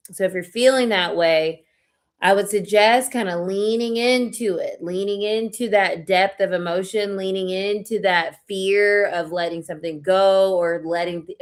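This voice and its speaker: Slow-talking emotional woman reading tarot. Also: mid-range voice. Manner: emotional, heartfelt, spiritual pep-talk. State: sad, near tears. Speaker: tarot reader. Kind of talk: live-stream tarot reading.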